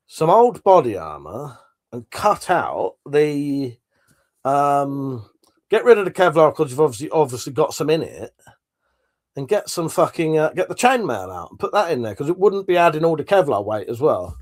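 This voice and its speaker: Chatty man with a higher voice. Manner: chatty, rambling, swears casually. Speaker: livestream host. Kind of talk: casual chat reading out live comments.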